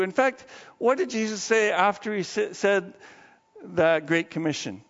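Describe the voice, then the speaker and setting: A man with a high voice preaches to his congregation, chatty one moment and fired up the next. His words ring out with a long church reverb. The sound is dull and a bit muffled. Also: normal speed. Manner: conversational and animated preaching, swinging between low asides and excited outbursts. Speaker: pastor. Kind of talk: sermon. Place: church sanctuary.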